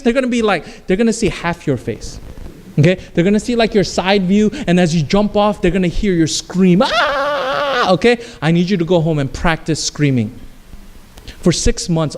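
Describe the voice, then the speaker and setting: A man's voice: high voice, darkish tone, long reverb tail, a little hiss or hum. A male pastor preaching a sermon, telling a playful story and acting out the lines of the people in it. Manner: storytelling, acting out scenes with voices and screams.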